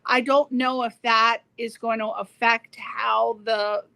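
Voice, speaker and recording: A woman's voice: fairly high pitch, flat delivery, slow pace, gravelly, pushed and bright, no room sound, rough recording. A woman hosting an online interview show, chatting casually with a guest and talking with many fillers. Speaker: radio show host. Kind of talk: casual video-call interview.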